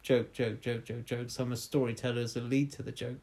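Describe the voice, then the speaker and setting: A man chatting casually as co-host, an animated storyteller who retells comedy routines. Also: medium pitch, fairly quick. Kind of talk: casual chat.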